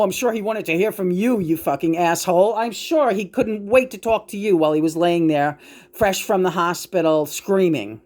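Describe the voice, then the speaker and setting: A woman's voice: medium pitch, normal speed, darkish tone. Woman vlogger, casual profane rant. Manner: profane, emotional ranting. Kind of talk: casual monologue.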